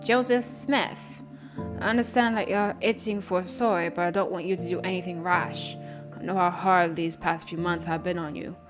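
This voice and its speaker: A woman's voice: lowish voice, steady tone, normal speed, natural voice. Woman playing an exasperated male editor, put-on British accent, scolding, music behind. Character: worried male editor, middle-aged, exasperated.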